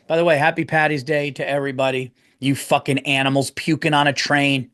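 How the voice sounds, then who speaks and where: A man's voice: medium pitch, flat delivery, fairly quick. Rambling, profane male podcast host. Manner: rambling, profane, swings into loud rants. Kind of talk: casual solo podcast monologue.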